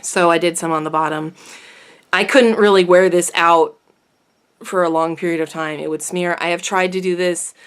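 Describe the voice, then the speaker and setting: A woman's voice: on the low side, fairly even intonation, normal speed, smooth. A woman beauty vlogger chatting casually to camera at home, rambling and self-deprecating.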